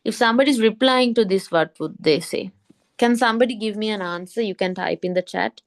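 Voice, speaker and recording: A woman teaching an English lesson online, often repeating a point and asking quick checking questions. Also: medium pitch.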